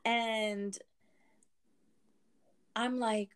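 A woman in her twenties telling a story in casual talk, animated, saying "like" a lot and swearing freely. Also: mid-range voice, moderate pace.

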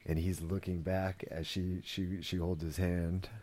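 A man with a low voice talks through his podcast in a casual, wandering way. He restarts his sentences often and fills the gaps with "like" and "you know". He sounds earnest and easily moved. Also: flat delivery, measured pace, warm tone. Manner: rambling, with many fillers and restarts; earnest and emotional. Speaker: podcast host. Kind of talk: casual spoken commentary.

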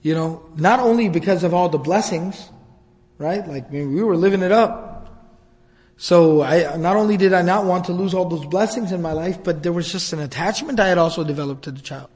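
A man giving a religious storytelling lecture, conversational and animated, with many repetitions. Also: high voice, a little fast, big-room sound. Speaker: religious teacher.

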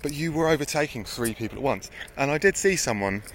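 A man spins a casual, rambling anecdote, swearing freely and laughing along the way. His pitch jumps around a lot as he talks, and faint noise hums under the recording. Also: lively intonation, quick pace, fairly bright tone. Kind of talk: casual storytelling chat.

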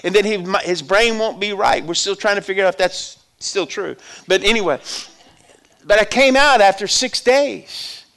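A middle-aged man with a notably high voice preaches a testimony sermon. He talks in a conversational way, rising to loud calls to the congregation and dropping to near-hushed storytelling. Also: moderate pace.

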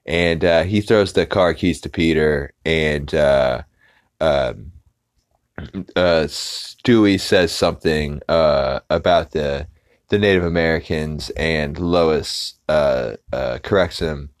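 A man with a very low voice casually recaps a cartoon episode for his podcast. He rambles and stops and starts, slipping into quick impressions of the characters as he goes. He is recorded close up in a dead, dry space. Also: no room sound. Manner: rambling, halting retelling that loosely acts out characters' lines. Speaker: podcast host.

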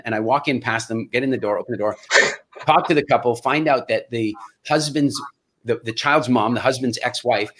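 A middle-aged man with a North American accent telling a story as a podcast guest, quick and full of restarts and acted-out dialogue. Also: medium pitch, fairly bright tone. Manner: fast, restarts phrases, acts out dialogue. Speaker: guest entrepreneur. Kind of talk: animated storytelling in a podcast interview.

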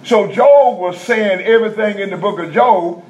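A man preaching a teaching sermon in a conversational style, checking in with the congregation and repeating key points slowly in vernacular speech. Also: high-pitched, darkish tone. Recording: dull lo-fi sound with faint background noise.

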